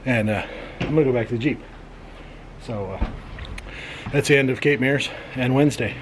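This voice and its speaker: Man, casual vlogger, deadpan sarcastic jokes, outdoors on a coastal cliff, noisy camera audio. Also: medium pitch, moderate pace. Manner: dry joking, sarcastic asides. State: out of breath on a steep hill. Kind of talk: casual vlog narration. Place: outdoors on a windy coastal cape.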